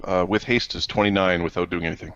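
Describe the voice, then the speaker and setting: A man's voice: low-pitched, fairly even intonation, fast, fairly bright tone, dry recording, dull audio. A man playing in a tabletop game, joking around and laughing often. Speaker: player. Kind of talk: casual tabletop play.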